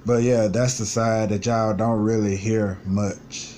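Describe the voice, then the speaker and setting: A man's voice: fairly low pitch, steady tone, takes it slowly, mellow, a little hiss or hum. A man in his twenties telling his life story in a vlog, venting bluntly with lots of swearing and frustration. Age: 20s. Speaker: vlogger. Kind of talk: personal vlog monologue.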